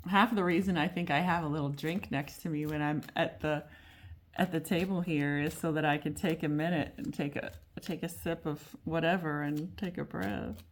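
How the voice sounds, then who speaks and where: A woman's voice: sits low, steady tone, moderate pace. A woman giving a casual tarot reading at a table, talking in a rambling, chatty way full of fillers and restarts. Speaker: tarot reader. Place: at a table at home.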